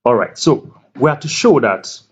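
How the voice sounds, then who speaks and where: A man tutoring math at a board, speaking slowly and deliberately, repeating key words and checking that the viewer is following. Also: medium pitch, animated, husky. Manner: slow, deliberate, repeats key words, asks "can you see that?". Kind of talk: whiteboard math lecture. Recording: dull lo-fi recording.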